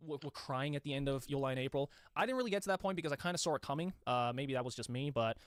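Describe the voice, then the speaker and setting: A man's voice: mid-range voice, animated, racing, clear, resonant tone, dry recording. A man giving casual, opinionated anime reviews while ranking shows, chatty with lots of fillers. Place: clip played from a video.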